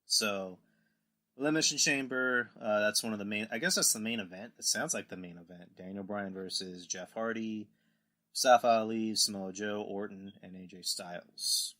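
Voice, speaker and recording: A man's voice: on the low side, steady tone, normal speed, pushed and bright. A man hosting a casual podcast, rambling through recaps and acting out quotes in put-on voices. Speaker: podcast host. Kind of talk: casual wrestling podcast chat.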